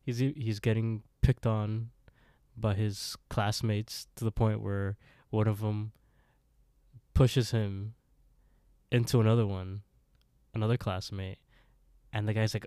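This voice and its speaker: A man's voice: lowish voice, takes it slowly, pauses often, no echo, studio quality. A man co-hosting a podcast, casually retelling a horror story and acting out characters' lines. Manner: relaxed storyteller acting out lines, laughs often. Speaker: podcast co-host.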